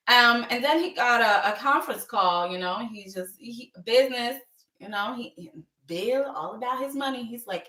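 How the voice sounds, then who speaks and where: A woman's voice: fairly high pitch, a little slow, roomy sound, far from the mic. A woman chatting casually as she recaps a soap opera, acting out the characters' lines with lots of laughs. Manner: animated, acts out characters' lines, frequent laughs.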